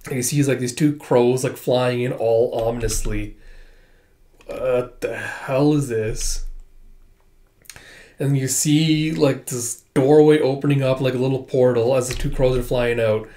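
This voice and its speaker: Chatty guy recapping a comic, mid pitch, lots of "like" and "uh", laughs easily. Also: steady tone, moderate pace, hardly any pauses, warm tone. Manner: chatty, laughing, many fillers. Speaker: comic read-through host. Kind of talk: casual commentary.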